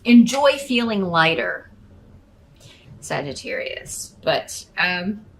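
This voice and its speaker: A woman's voice: medium pitch, sing-song, moderate pace, fairly bright tone, a little hiss or hum, low-quality recording. Rambling woman giving a tarot reading. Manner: rambling, hesitant, many fillers and restarts; addresses the listener directly as a star sign. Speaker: tarot reader. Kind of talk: casual tarot reading to camera.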